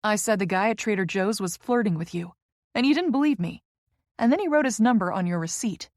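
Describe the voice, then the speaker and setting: A woman's voice: mid-range voice, lively intonation, fairly quick, dry recording, clean studio sound, lightly acted. Woman voicing brassy teasing best friend Tess. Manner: brassy, playful, loud teasing.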